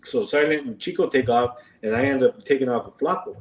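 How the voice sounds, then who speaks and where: A man's voice: lively intonation, fairly quick, hardly any pauses. Male podcast guest, rambling anecdotal delivery, distant and roomy. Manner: rambling, full of fillers, acts out quoted lines in a higher voice. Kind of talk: casual storytelling. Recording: roomy and off-mic.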